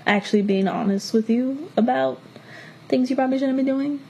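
A young woman from Miami trades stories on a casual podcast, blunt and quick to swear as she acts out other people's lines. Her voice sits on the higher side, and a faint noise hangs under the recording. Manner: blunt, profane storytelling with animated quoted voices. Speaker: podcast co-host. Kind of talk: casual chat.

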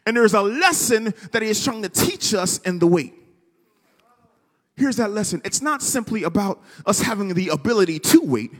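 High-voiced preacher in a ringing hall. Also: male voice, very animated, moderate pace. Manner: rhythmic preaching, repetition, calls to the congregation. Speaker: pastor. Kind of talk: sermon.

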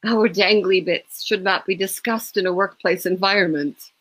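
A woman's voice: medium pitch, fairly even intonation, a bit bright, no room sound, lightly acted. A woman doing a snooty English-accented rich man. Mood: haughty. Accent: English (put on). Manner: slow, haughty drawl. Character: snooty, dry-witted wealthy man.

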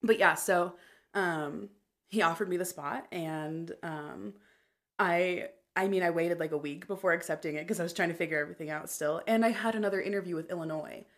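A woman's voice: on the low side, fairly quick. Chatty young woman telling a story. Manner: chatty storyteller, fills speech with "like". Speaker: podcast guest. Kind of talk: casual chat. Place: podcast recording.

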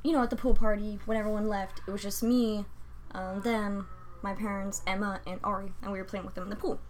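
A young woman in her twenties co-hosting a casual late-night chat, blunt and deadpan. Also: medium pitch, a little fast, a little hiss or hum. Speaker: podcast co-host.

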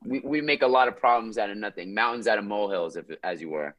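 A man who grew up in France, a guest on a podcast, chatting in an upbeat, playful and energetic way. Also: on the low side, fast, lo-fi sound. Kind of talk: casual podcast chat.

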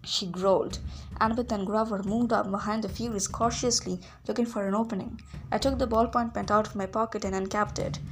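A woman reading a novel aloud as a first-person narrator, lively, with occasional small slips. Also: medium pitch, fairly quick, a little hiss or hum. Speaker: audiobook reader.

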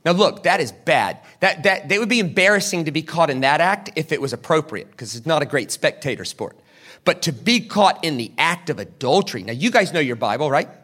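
A man's voice: on the high side, animated, a little fast, fairly bright tone. A man preaching a sermon as pastor. He asks the crowd questions, answers them himself, and acts out the people in the story.

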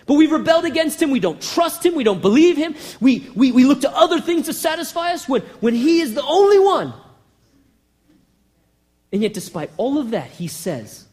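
A man preaching with a strikingly high voice and a lively, swooping pitch. He drives his points home with rhetorical questions and passion. He swings from loud, urgent bursts down to hushed, intimate lines. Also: normal speed. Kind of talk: sermon.

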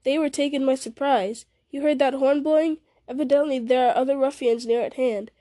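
A woman's voice: high-pitched, steady tone, fairly quick, dark tone, no room sound, natural voice. A woman reading aloud, voicing a cautious young male hobbit who weighs the danger. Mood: wary. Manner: reasoning, wary.

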